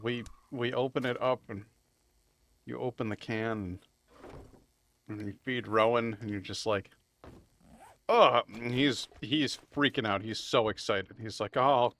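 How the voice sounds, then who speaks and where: A man streaming a video game live, chatting casually and rambling as he plays, swearing freely and laughing loudly at chat. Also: mid-range voice. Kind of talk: live gameplay commentary.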